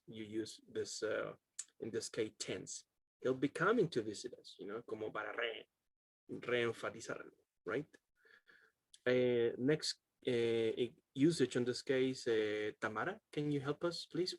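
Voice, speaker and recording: A man's voice: medium pitch, vocal fry, no echo. Chatty man with a Chilean accent. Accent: Chilean Spanish. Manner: casual, chatty, laughs often, fills with um and uh. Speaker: English teacher. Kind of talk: online class. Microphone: video call.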